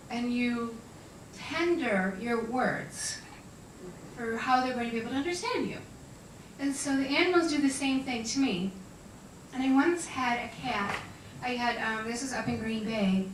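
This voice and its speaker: A woman, an animal communicator, tells animated, laughing stories to an audience. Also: a little high, slight background noise. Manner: chatty, laughing, animated storyteller. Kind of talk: storytelling talk to an audience. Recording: distant, echoey room sound.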